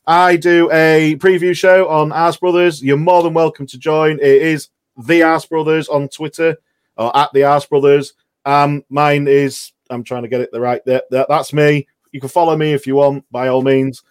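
Easygoing man, slightly high. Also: little pitch movement, moderate pace, clean tone. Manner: laughing, easygoing. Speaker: podcast guest. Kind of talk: casual podcast chat.

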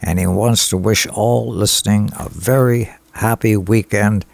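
Gravelly man hosting a radio show. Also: lowish voice, fairly even intonation, no echo. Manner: enthusiastic, halting with many fillers. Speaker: radio host. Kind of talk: radio dedications and song intros.

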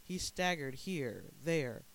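A man narrating a dark short story in a measured, dramatic way. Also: a little high, lively intonation, creaky, poor audio.

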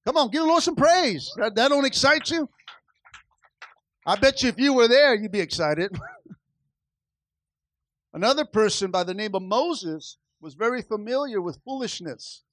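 High-voiced preacher man, dry sound. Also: expressive, measured pace, pauses often, fairly bright tone, no room sound. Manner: dramatic storytelling, acting out biblical characters; call-and-response exhortation. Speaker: pastor. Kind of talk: sermon.

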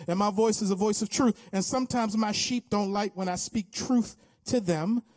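In a church sanctuary, an American pastor in his fifties preaches an impassioned sermon ending in an altar call, repeating his appeals again and again. His high, slightly mellow voice moves at a moderate pace.

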